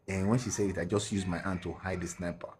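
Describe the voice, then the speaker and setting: A Nigerian man with a very low voice gives an earnest personal testimony as a guest on a talk show. He mixes in Pidgin and often restarts his sentences. There is a faint hiss under the recording. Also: steady tone, fast, a little mellow. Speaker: guest telling his story.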